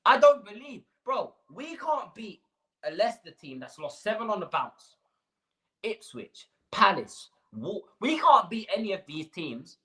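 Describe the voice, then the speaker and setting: A man's voice: sits high, big pitch swings, measured pace, sharp tone, low-quality recording. A man hosting a live fan stream, ranting with rhetorical questions and slang. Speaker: fan channel host.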